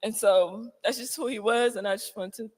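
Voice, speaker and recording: A woman's voice: fairly high pitch, normal speed. A woman giving a heartfelt eulogy at a memorial, emotional and holding back tears, with plenty of fillers. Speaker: family member giving a eulogy. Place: memorial gathering before a crowded room. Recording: long reverb in a large room.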